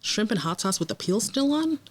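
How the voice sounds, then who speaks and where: A woman's voice: mid-range voice, big pitch swings, fairly quick, a little hiss or hum. A woman co-hosting a podcast, chatting casually as she reacts aloud to a TV episode and talks back to the characters on screen. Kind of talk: casual watch-along commentary.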